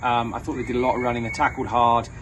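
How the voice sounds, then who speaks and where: A man's voice: mid-range voice, level tone, fast, a little hiss or hum, rough recording. A man giving a hesitant fan match review, full of fillers. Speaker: fan contributor.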